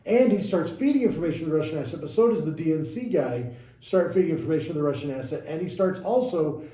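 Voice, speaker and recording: Recorded in an echoey room, this man's slightly high, mellow voice moves fast and animated. As a podcast co-host, he explains events casually one step at a time, fixing his own mistakes as he goes.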